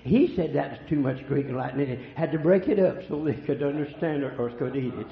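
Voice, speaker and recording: An older man preaching a sermon, telling folksy stories and swinging between hushed and loud lines. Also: mid-range voice, a little fast, creaky. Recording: echoey room, dull lo-fi sound.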